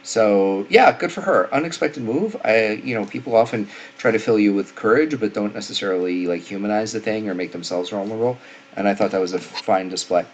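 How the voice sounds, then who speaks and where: Snarky male medic commentator, low voice, casual and opinionated, lots of fillers. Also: brisk, dull audio, slight background noise. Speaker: paramedic and nurse commentator.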